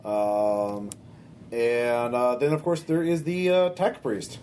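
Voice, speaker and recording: A man narrating as game master for a tabletop game, his voice sitting at a middling pitch. He talks in a relaxed way, leaning on plenty of filler sounds, with a faint background hum behind him. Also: slow.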